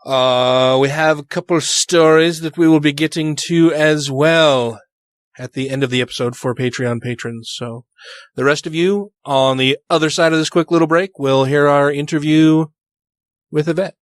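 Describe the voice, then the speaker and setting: Stuffed-up guy cohosting a podcast, kinda high voice, dry close mic, swears a lot. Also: fairly even intonation, moderate pace, no echo. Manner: loose, profane, laughing. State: congested. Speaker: podcast co-host. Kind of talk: casual podcast chat. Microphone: studio microphone.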